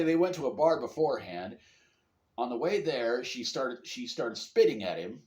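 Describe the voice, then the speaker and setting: A man's voice: mid-range voice, animated, normal speed. A man hosting a casual comedy news podcast, sarcastic and joking. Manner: sarcastic, joking, loud bursts of laughter. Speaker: podcast host. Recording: roomy echo, faint background hum.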